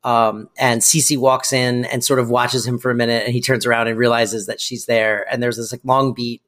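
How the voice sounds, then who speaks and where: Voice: mid-range voice, little pitch movement, moderate pace, a bit bright. A podcast co-host recapping a sitcom in casual chat, easygoing and laughing often while quoting the characters.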